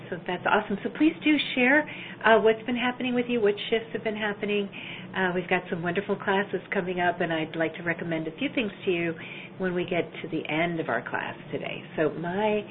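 A woman from Minnesota teaching a live online energy healing class in an enthusiastic, chatty way with many fillers. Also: lowish voice. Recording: tinny phone-like line, faint noise.

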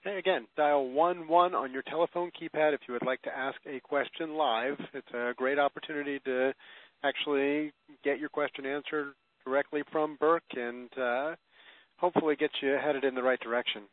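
A man's voice: medium pitch, steady tone, moderate pace, no echo. A man hosting a call-in session, reading listeners' questions in a plain, friendly way. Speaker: host. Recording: tinny phone line, dry.

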